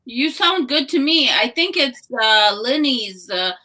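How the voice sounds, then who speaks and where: Easygoing woman co-host, bright tone. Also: high-pitched, very animated, measured pace. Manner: easygoing, joking, reassuring. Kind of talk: casual live-stream chat. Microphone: video call.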